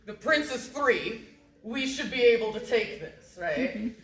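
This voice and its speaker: A woman's voice: fairly high pitch, expressive, a little slow, fairly bright tone. A woman doing brash, pushy male envoys. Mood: scheming. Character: pushy group of male tribal envoys, smug. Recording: roomy echo.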